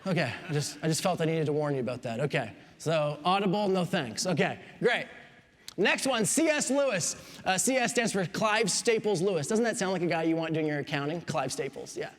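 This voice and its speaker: A man's voice: on the high side, expressive, fairly quick, in a large hall. A pastor in his thirties from Quebec, preaching a sermon with joking asides. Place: church.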